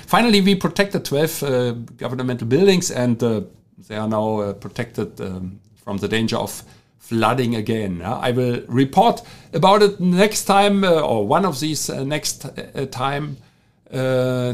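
A middle-aged man with a German accent, a podcast host and engineer talking casually, halting with many fillers and restarts. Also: medium pitch. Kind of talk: casual monologue.

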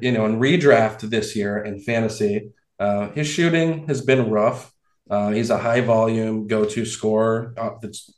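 Male podcast host, lower voice, animated delivery, roomy echoey recording. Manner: animated, laughs often, restarts words. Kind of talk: casual podcast chat. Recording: roomy echo.

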